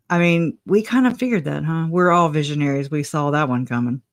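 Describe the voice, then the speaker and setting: A woman hosting a casual livestream, chatting, laughing often and greeting viewers by name. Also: deep voice. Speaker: livestream host.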